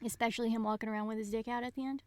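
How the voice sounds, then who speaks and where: A woman's voice: fairly high pitch, steady tone, very fast. A woman co-hosting a podcast, chatting casually about books and animatedly retelling scenes. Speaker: podcast co-host. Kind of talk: casual book-club chat.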